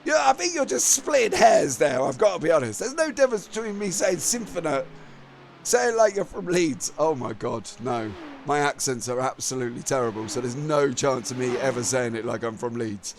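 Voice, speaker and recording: A man's voice: medium pitch, animated, moderate pace, noisy background. A man hosting a live sim racing stream, chatting with his viewers and laughing at himself, tired after a long day. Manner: chatty, laughing, self-mocking. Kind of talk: live stream commentary and chat.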